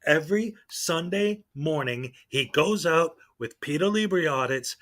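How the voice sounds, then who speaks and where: High-voiced man ranting sarcastically. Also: lively intonation, a little slow, fairly bright tone. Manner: sarcastic, exasperated, sighing. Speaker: online video commentator. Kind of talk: casual ranting commentary.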